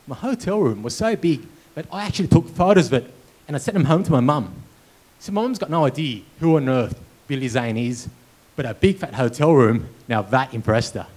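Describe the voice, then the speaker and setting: A man's voice: medium pitch, fairly quick, rough recording. A man giving a motivational keynote speech at a conference, telling personal stories with comic timing. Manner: animated storyteller, comic timing. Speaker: keynote speaker. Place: conference hall.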